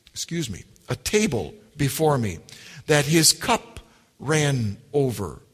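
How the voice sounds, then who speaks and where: Male preacher, slightly high voice, unhurried emphatic delivery, long hall reverb. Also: a bit bright. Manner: slow, deliberate preaching with emphatic repetitions. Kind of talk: sermon.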